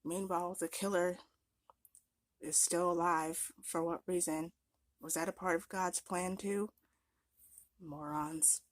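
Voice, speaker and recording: A woman's voice: fairly low pitch, little pitch movement, measured pace, dry recording, clean studio sound. A young woman vlogger ranting in an exasperated, sarcastic, emphatic way. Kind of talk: ranting commentary vlog.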